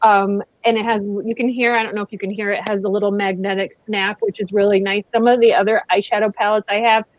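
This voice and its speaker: A woman's voice: mid-range voice, level tone, fast, few pauses, highs cut off. A woman co-hosting a casual beauty review, easygoing and agreeable, often chiming in with short replies. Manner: easygoing, agreeable, backchannels a lot. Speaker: beauty channel co-host. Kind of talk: casual chat product review.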